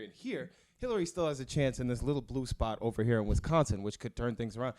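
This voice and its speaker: Man, comedian guest, casual storytelling, rambling, lots of "like", mid pitch. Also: lively intonation, fast talker, hardly any pauses, darkish tone, dry recording. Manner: rambling anecdotes full of "like" and mimicked quotes.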